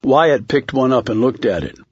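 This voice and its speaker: Steady male thriller narrator. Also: mid-range voice, husky, no room sound, muffled recording. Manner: measured, steady reading. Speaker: audiobook narrator.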